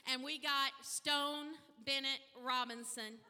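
Woman pastor, high and very bright voice, animated storyteller, reverberant hall. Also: a little slow. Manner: animated storytelling, acting out dialogue. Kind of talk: testimony sermon.

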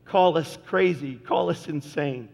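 A man preaching a sermon in a church, delivering it fervently and rising to shouts at the peaks. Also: a little high, a little slow, gravelly. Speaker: pastor. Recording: long church reverb with faint music.

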